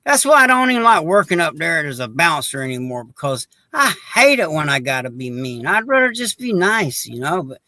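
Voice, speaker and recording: A man's voice: a little high, sing-song, brisk, few pauses, bright, forceful tone, dry recording. Man, casual podcast chat, folksy storyteller, dry close mic. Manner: folksy, earnest, drawling storyteller.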